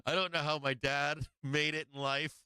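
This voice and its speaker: A man's voice: fairly high pitch, flat delivery, moderate pace, pushed and bright, clear, resonant tone, no echo. A middle-aged man hosting a market livestream, telling a rambling family story in a casual way. He laughs often and acts out the voices of his family. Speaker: stock market livestream host.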